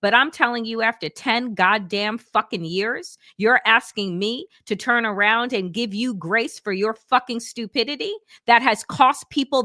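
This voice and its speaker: A woman speaks with fierce, profane emphasis in political commentary, her voice bright and slightly high. The sound is dry and close, with no room echo. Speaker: podcast co-host.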